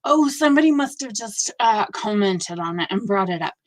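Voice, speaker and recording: A woman in her fifties hosting a casual live stream, gushing warmly over viewers' work with effusive reactions. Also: medium pitch, lively intonation, moderate pace. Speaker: host of a live stitching show.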